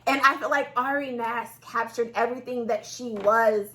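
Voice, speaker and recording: A woman co-hosting a relaxed audiobook chat, her voice sitting a little high. She gushes with enthusiasm and laughs easily while she talks. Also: normal speed. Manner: enthusiastic, gushing, laughs often. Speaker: podcast co-host. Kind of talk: casual chat about audiobooks.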